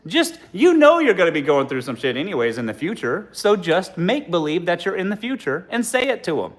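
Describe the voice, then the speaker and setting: A man's voice: sits high, big pitch swings, a little fast. A man doing a loose comic monologue for a livestream audience, laughing often as he talks. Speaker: comedian.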